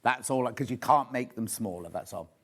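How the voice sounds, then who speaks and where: A man's voice: medium pitch, moderate pace, fairly bright tone, breathy edge. A middle-aged man presenting a live shopping show, chatty and rambling, poking fun at himself as he reads out viewer questions. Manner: chatty, rambling, self-deprecating.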